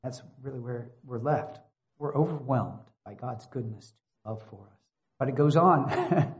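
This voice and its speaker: Male preacher, middle pitch, teaching sermon, builds to fervent emphasis; slightly muffled recording. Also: a little slow. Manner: teaching, rising to emphatic fervor.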